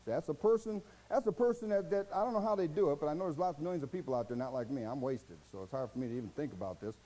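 A folksy male pastor preaches a sermon with a fairly high, very lively voice. He talks plainly with asides, slipping from low mutters to loud, high outbursts, in a mellow, dark tone. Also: very fast, low-quality recording. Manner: swings from low murmurs to loud, high bursts.

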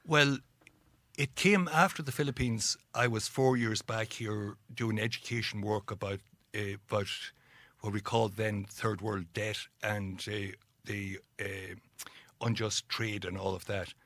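A man's voice: fairly low pitch, unhurried, dry recording. A middle-aged Irish man, a guest on an interview, telling stories and acting out the voices of people he quotes. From Ireland. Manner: animated storyteller, acts out quoted voices. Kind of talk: storytelling interview.

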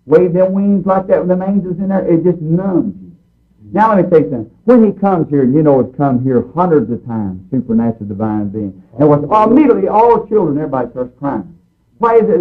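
A man preaching a fervent sermon in a folksy, emphatic way, repeating his points over and over. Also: a little high. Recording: tinny phone-like recording.

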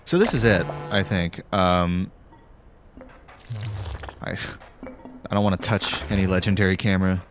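A man's voice: low-pitched, fairly even intonation, unhurried, long pauses, soft background music. A man chatting casually while playing a video game, rambling and restarting his sentences. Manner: rambling with lots of fillers and restarts. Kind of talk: casual gameplay commentary.

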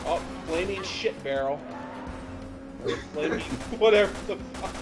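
Brief: male let's-play host, higher voice, lively and unhurried, curses at the game, game music under him. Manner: exasperated, swears a lot, yelps in frustration. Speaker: gamer playing and commenting. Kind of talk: casual let's-play commentary.

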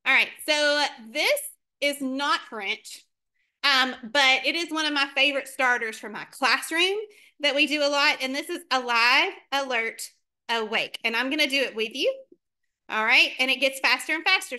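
An upbeat woman teacher with a high, bright voice, leading a class of children. She cheers them on and sounds out each new word slowly and clearly. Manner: upbeat and encouraging, slow clear modeling of words.

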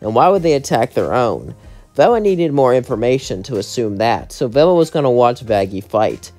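A man's voice: medium pitch, very animated, normal speed, darkish tone, faint music behind. A man narrating a fan story read-aloud, rambling along and chaining events with "as". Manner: rambling, linking lines with "as".

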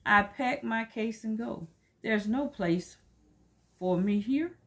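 A woman voicing a young male lion in a children's storybook who feels he does not belong. She reads his lines slowly. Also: a little high, voice pushed up. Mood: dejected.

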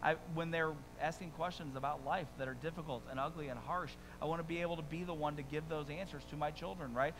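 A middle-aged male pastor preaching a sermon in a playful, self-mocking way, joking with the congregation and swinging between hushed asides and loud bursts. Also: on the high side, fairly even intonation, fast talker, few pauses, background noise.

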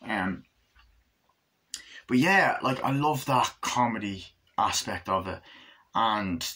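A man giving a casual, rambling movie review, acting out scenes in quick bursts. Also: breathy edge. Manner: rambling, acts out scenes in high excited voices.

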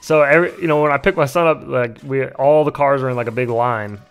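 A man's voice: medium pitch, fast, creaky, smooth, lo-fi sound. A man in his thirties hosting a casual livestream, telling a story with laughs and swearing. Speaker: livestream host.

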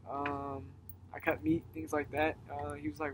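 A young man in casual chat outdoors, telling a story in a rambling way, getting animated when he retells it. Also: a little high, a little fast, a little hiss or hum. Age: young adult. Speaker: guest. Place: outdoors at dusk.

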